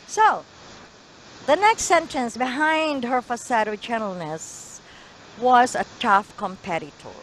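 A woman with a fairly high, very lively voice guides a student through an English lesson on a video call. She praises often and corrects pronunciation patiently. A faint hum sits behind her. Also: slow, rough recording. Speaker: English teacher.

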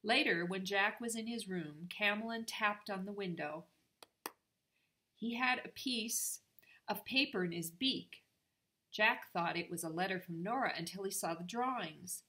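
An older woman, a grandmother, reading a storybook aloud to her grandchildren in a steady, clear way. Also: medium pitch.

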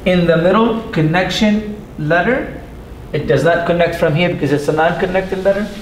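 Patient male classroom teacher, high voice, roomy mosque hall, faint rumble. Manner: patient, repeats sounds slowly, asks the class questions. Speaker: Arabic teacher. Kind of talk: classroom lesson. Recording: echoey room with faint rumble.

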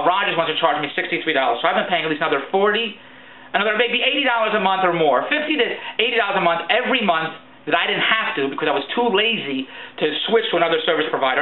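A man rants in a rapid, high, wildly swinging voice, telling his story with mounting exasperation. The sound is thin and phone-like, in an echoey space, with a crowd murmuring behind him. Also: lively intonation. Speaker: vlogger, performer and producer. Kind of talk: ranting monologue.

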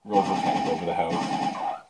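A man, teasing and excitable, bantering casually beside a friend's game. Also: low-pitched, measured pace, background noise. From Canada. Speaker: co-host of a Let's Play.

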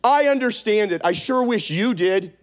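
A man's voice: high-pitched, animated, moderate pace, pitched above the performer's own voice. A man preaching who puts on a grieving woman who insists she already understands. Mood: insistent. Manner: insistent, talking over the other. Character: exasperated know-it-all woman, grieving sister.

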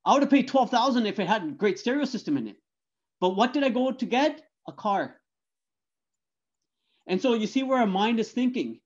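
A middle-aged man gives a lecture talk, telling animated stories. He stumbles through restarts and keeps checking in with tag questions. His voice sits high for a man, and the audio is dull and lo-fi. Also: normal speed, pauses often. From Canada. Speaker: guest speaker.

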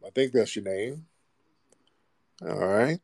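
A man's voice: lowish voice, animated, slow pace, creaky, a little mellow, dry recording, studio quality. Profane, fired-up man hosting a call-in. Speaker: host of a live audio call-in space. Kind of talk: heated call-in talk show.

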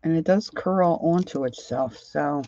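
A woman's voice: low voice, unhurried, warm tone, no echo, highs cut off. A woman hosting a craft livestream who rambles and thinks aloud as she works, often trailing off mid-sentence. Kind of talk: casual crafting tutorial.

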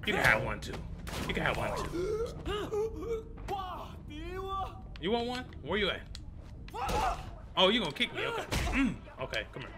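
Animated trash-talking male streamer. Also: high voice, brisk, long pauses, heavy background noise. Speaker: gameplay streamer. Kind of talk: casual gameplay commentary.

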